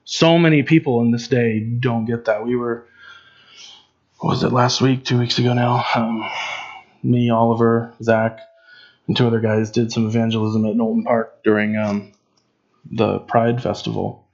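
A man's voice: mid-range voice, level tone, normal speed, highs cut off. A man preaching in an informal, conversational way, with frequent fillers and restarts. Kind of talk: informal Bible teaching.

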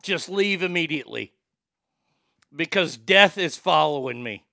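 A man rants bluntly and profanely as host, acting out the exchanges he quotes. His voice is high and bright with a gravelly edge. It is clear and smooth, recorded close and dry. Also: animated, a little slow, no echo. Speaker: podcast host. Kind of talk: ranting commentary.

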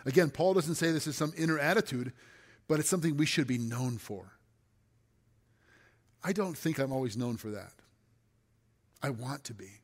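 A man preaching a sermon as pastor, earnest, often dropping to a soft, hushed voice on key phrases. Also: medium pitch, moderate pace, pauses often. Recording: long hall reverb.

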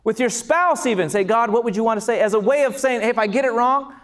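A man preaching a sermon as pastor, passionate and building to shouts on key lines. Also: very high-pitched, quick pace. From California.

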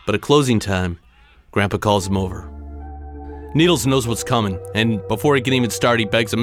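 A man's voice: fairly low pitch, brisk, music in the background. A man telling a dramatic personal story in punchy, short clipped phrases.

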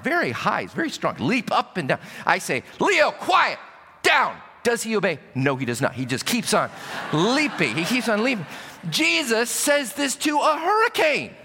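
Animated pastor in a reverberant hall. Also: male voice, a little high, slightly rough. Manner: animated storytelling with sudden shouts and hushed drops. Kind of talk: sermon. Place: church sanctuary. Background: long hall reverb.

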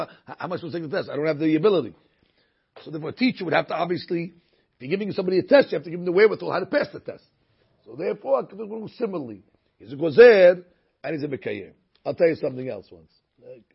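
A man's voice: fairly high pitch, gravelly, breathy edge. A man teaching a recorded Torah lesson, telling stories and using many Hebrew terms. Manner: storytelling, sprinkled with Hebrew terms. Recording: muffled lo-fi recording.

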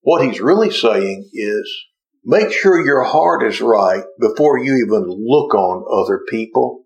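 Slow, earnest male preacher. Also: mid-range voice, animated, creaky, dull audio. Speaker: pastor. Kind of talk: sermon.

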